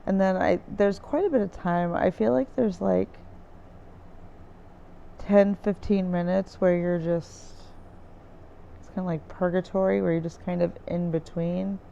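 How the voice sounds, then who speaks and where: Woman vlogger, warm gravelly tone, rambling and filler-heavy, slightly muffled home recording. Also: on the low side, fairly even intonation, unhurried, slight background noise. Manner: rambling, searching for words, many fillers. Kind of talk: casual diary-style recap. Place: dim room indoors by a window with trees outside.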